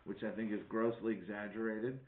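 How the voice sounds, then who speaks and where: A man's voice: lowish voice, level tone, brisk. A man with a faint Wisconsin accent tells loose, profane stories as a comedy guest on a podcast. His voice is thin and phone-like, and it bounces around an echoey room. He rambles from one tangent to the next. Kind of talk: casual podcast chat.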